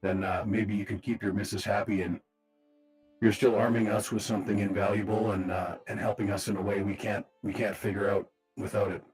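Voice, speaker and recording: A man's voice: lowish voice, little pitch movement, fairly quick, darkish tone, soft background music. A man playing a tabletop game, talking in character in an easygoing, wry way. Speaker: player. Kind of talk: in-character roleplay.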